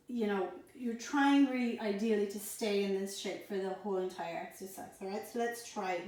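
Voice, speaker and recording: A woman instructor guiding a pilates abs workout, calmly cueing each breath and movement, a little out of breath. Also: mid-range voice. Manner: calm, encouraging, counts breaths and cues. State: slightly out of breath. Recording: echoey room.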